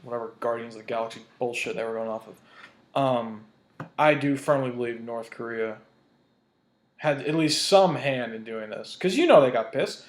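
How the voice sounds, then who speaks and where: A man's voice: mid-range voice, darkish tone. A man ranting in a vlog, heated and profane, hammering his points with emphasis. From United States. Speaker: vlogger. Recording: roomy echo.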